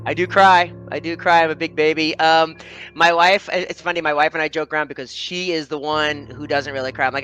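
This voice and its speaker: A man's voice: on the high side, fairly even intonation, brisk, pushed and bright, soft background music, poor audio. A man, an author guest in a casual interview chat, talking in a friendly way with frequent laughs and fillers.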